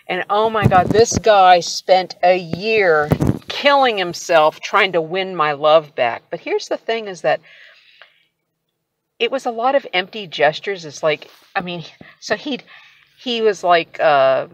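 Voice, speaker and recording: A woman's voice: lowish voice, expressive, a little slow, no room sound. A middle-aged woman telling her own story in a casual, candid way, with a wry tone and frequent laughter. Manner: candid, wry, laughs often while recounting. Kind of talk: casual personal storytelling to camera.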